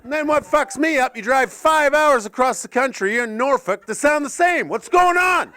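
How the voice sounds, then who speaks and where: A Canadian man performing stand-up comedy on stage, animated and swearing, slipping into silly voices. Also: very high-pitched, normal speed, few pauses.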